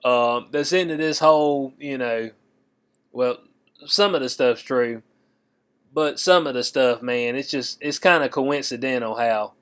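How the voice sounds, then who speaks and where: A man giving casual political commentary on his vlog, animated and slangy, breaking into laughs often. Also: medium pitch, a little slow, smooth.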